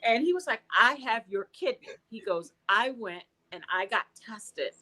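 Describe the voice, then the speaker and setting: An American woman being interviewed, telling a personal story in a casual, animated way and acting out the dialogue she quotes. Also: fairly high pitch, unhurried, low-quality recording. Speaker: guest.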